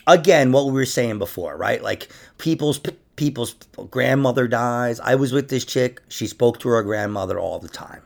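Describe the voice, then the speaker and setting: Gravelly, lively male podcast host. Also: medium pitch, normal speed, hardly any pauses. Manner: profane, jokey storyteller who laughs at his own lines. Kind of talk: casual chat.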